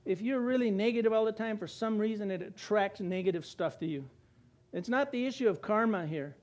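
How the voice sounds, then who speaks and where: A man's voice: high voice, fairly quick, a little mellow. A man preaching a conversational sermon, breaking into acted-out voices and chuckles. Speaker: pastor.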